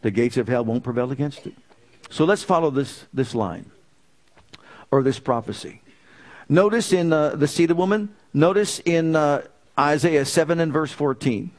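A man preaching a sermon, reading scripture slowly and swinging between raised declarations and low, quiet asides. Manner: reads scripture with slow emphasis.

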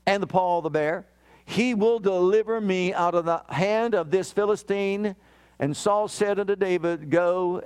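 A middle-aged man preaches a sermon in a voice pitched high for a man. He reads scripture aloud with emphasis and moves easily into stories about his own family. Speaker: pastor.

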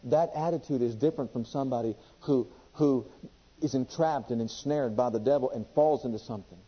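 A man preaching a sermon with passion, reading scripture aloud and swinging between loud and hushed delivery. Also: medium pitch, a little fast, husky, in a large hall. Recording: dull lo-fi sermon recording.

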